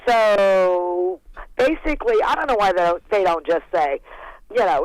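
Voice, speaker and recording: A woman from Pennsylvania calling in to a radio show, talking in an animated, incredulous way. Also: medium pitch, moderate pace, dry recording, low-quality recording. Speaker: caller. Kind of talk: call-in radio chat.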